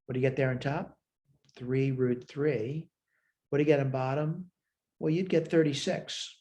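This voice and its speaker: Mellow-voiced man teaching math. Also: medium pitch, fairly even intonation, moderate pace. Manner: talks through worked steps aloud, self-checking. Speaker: math instructor. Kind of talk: recorded math lecture.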